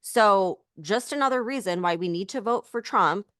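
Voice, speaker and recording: A woman's voice: mid-range voice, animated, moderate pace, fairly bright tone, dry recording, clean studio sound. Heated woman podcast co-host. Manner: heated, emphatic ranting. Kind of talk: casual political chat.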